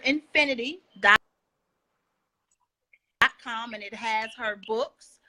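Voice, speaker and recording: A woman's voice: on the high side, slow, sharp tone. A woman hosting a casual online interview, chatty and upbeat. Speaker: host.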